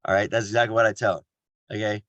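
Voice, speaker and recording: A man's voice: fairly low pitch, flat delivery, fast talker, a bit bright, no echo, highs cut off. A man from Kansas giving a casual motivational talk on a video call, joking at his own expense and laughing often.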